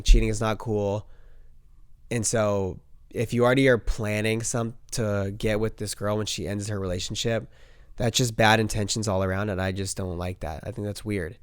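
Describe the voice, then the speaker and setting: A man's voice: on the low side, clear, resonant tone, dry recording, clean studio sound. Sick young man telling a story, bro-heavy. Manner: chatty, peppered with "bro" and "like". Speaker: host. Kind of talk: casual storytelling vlog.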